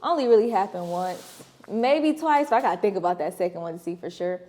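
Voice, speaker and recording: Woman, podcast co-host, casual chat, slangy, candid, warm mellow voice. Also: medium pitch, lively intonation, a little fast. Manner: slangy, candid, laughs while telling stories.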